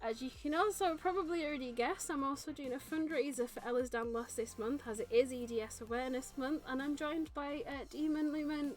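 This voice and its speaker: A woman's voice: sits high, brisk, hardly any pauses. A young woman hosting her live stream, giggling often, gushing and tripping over her words. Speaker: streamer and nail technician. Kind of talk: casual live-stream chat.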